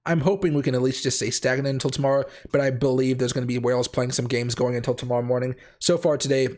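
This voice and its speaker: Male livestream host, hoarse with a cold, rapid and rambling, self-correcting. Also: medium pitch, little pitch movement, darkish tone. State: raspy voice from a cold. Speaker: crypto trading livestream host. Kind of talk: casual livestream chat.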